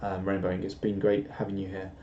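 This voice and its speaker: Reading out viewer comments on his live stream, a young man rambles in a self-deprecating way. He speaks low, a little fast, in a dark tone with a completely flat delivery, over roomy, slightly dull home stream audio.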